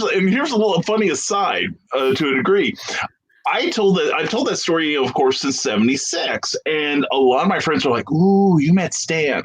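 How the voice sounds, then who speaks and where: A middle-aged American man with a fairly high voice tells a long anecdote as a guest on a casual video-call interview. He is an animated storyteller who acts out the people he quotes. The audio quality is poor.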